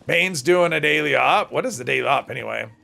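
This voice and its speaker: Rambling gravelly-voiced man streaming a game. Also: on the high side, expressive, fairly quick, bright, forceful tone. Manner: rambling, chats with viewers while playing. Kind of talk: casual gameplay commentary.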